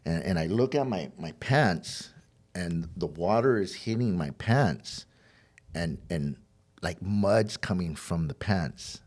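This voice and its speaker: A man's voice: sits low, expressive, takes it slowly, a little mellow. A middle-aged man, a podcast guest, telling a personal story of addiction and recovery, rambling and repeating words as he acts out old conversations.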